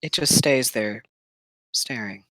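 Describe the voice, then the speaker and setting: A game master narrating a tabletop game, setting eerie scenes slowly and with pauses. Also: mid-range voice, bright, forceful tone, dry recording, low-quality recording.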